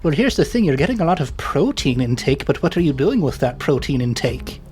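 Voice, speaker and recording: A man's voice: on the high side, very animated, fairly quick, a little mellow, faint music behind. Upbeat joking man at a game table. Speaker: player. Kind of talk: casual tabletop play.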